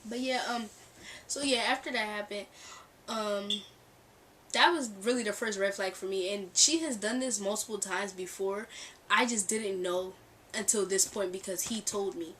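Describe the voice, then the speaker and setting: A young woman casually telling a storytime vlog, animated and laughing, acting out the lines of the people in her story. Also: mid-range voice, normal speed, distant mic, slight background noise. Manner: animated, acts out quoted dialogue, laughs often. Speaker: storytime vlogger. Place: bedroom near a street. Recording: mic set back, faint background ambience. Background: cars passing outside.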